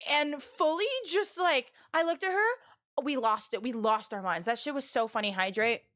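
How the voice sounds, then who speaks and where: A young adult woman streamer telling stories to her chat in an animated way, laughing and restarting her sentences. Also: on the high side, normal speed. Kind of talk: casual storytelling to chat.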